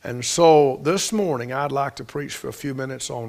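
A man's voice: mid-range voice, moderate pace, gravelly, hardly any pauses, a little mellow. A man preaching a sermon as pastor, building emphasis through repetition and sometimes dropping into folksy grammar.

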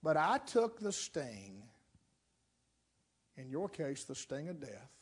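A steady father talking his frightened daughter down in slow, reassuring words, as a male preacher acts him out. His voice stays high and measured, without hurry. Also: husky, full character voice. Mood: soothing.

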